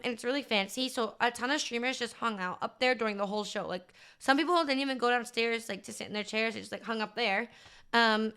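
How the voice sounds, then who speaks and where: A woman's voice: high voice, sharp tone, clear, resonant tone. A woman streamer chatting casually to her viewers, gushing and rambling with lots of filler words. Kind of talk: casual livestream chat recap.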